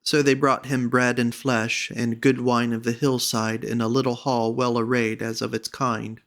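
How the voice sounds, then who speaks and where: Measured male audiobook narrator. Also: medium pitch, flat delivery, fairly bright tone. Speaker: audiobook reader. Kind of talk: storybook narration.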